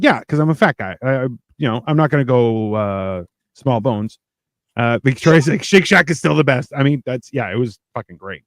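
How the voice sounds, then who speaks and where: Gravelly Canadian guy telling stories. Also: mid-range voice, dry recording, clean studio sound. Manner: self-deprecating storytelling. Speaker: podcast guest. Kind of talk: casual chat.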